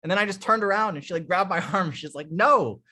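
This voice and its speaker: A man running a live dating coaching session, talking bluntly with profanity and animated storytelling. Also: sits high, fast.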